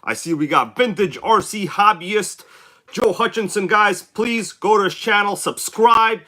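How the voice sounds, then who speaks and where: A man's voice: high voice, pushed and bright. A chatty man hosting a live stream, greeting viewers by name while sounding sick and congested. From New York City. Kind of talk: casual live stream chat.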